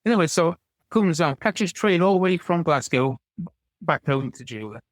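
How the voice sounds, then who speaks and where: A man in his sixties chats as a podcast guest, telling long stories that loop and restart. His voice sits a touch high, and it is recorded very dry with no room sound. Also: expressive, moderate pace, no echo. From England. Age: 60s. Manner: rambling anecdotal, frequent stammered restarts. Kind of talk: casual storytelling chat.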